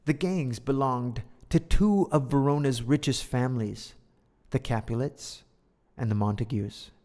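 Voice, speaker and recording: A man's voice: medium pitch, unhurried, warm tone. A man teaching English by reading a storybook aloud and explaining words and sounds with playful, jokey asides. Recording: long hall reverb.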